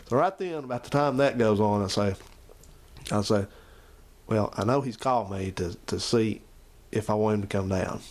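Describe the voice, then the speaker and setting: A man's voice: lowish voice, a little fast. A man, chatting casually to the camera and his uncle in a rambling, repetitive way. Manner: rambling, repeats himself, talks to his uncle and the viewers. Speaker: channel host.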